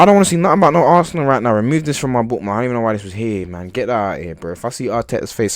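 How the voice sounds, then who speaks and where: A man's voice: mid-range voice, expressive, racing, hardly any pauses, no echo. A young man hosting a podcast, reacting to clips with mocking exclamations and muttered asides. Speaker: podcast host. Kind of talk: reaction commentary.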